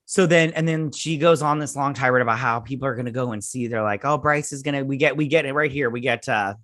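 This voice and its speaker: A man's voice: medium pitch, fast, a bit bright, no echo. Sarcastic man ranting in a dry room. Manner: sarcastic, mocking, acts out characters in silly voices. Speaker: video host reviewing a TV episode. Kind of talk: casual spoiler recap and rant.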